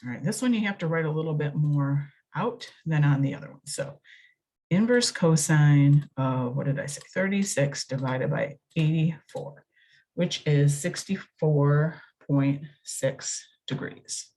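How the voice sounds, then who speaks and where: Low husky woman teaching math. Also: measured pace, darkish tone. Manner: chatty, self-correcting, thinks aloud while working. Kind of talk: recorded lesson walkthrough.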